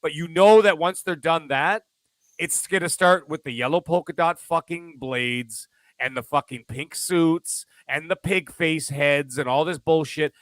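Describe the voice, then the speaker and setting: A man's voice: a little high, unhurried, a bit bright, no echo. A man co-hosting a gaming podcast, ranting in casual, profane chat. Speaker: podcast co-host.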